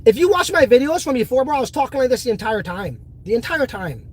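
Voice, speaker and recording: A man's voice: very high voice, expressive, fast talker, husky. A man hosting a casual crypto livestream, reading viewer comments in a boastful, profane, rambling way.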